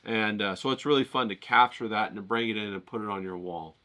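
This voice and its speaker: Bright-voiced man rambling with enthusiasm. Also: fairly low pitch, fast. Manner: rambling, enthusiastic, many fillers and casual swearing. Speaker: painting channel host. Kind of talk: casual motivational vlog talk. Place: home in the desert.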